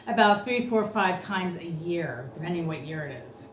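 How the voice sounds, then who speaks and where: A woman's voice: fairly low pitch, expressive, normal speed. A woman giving an unscripted tarot reading, ranting bluntly and cursing freely. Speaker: tarot reader. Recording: roomy echo, faint noise.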